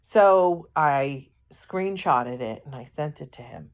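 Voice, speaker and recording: Woman rambling thru a dating story, low voice, takes her time, keeps fixing what she says. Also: expressive, takes it slowly. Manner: rambling, anecdotal, with self-corrections. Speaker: vlogger. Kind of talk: casual storytelling.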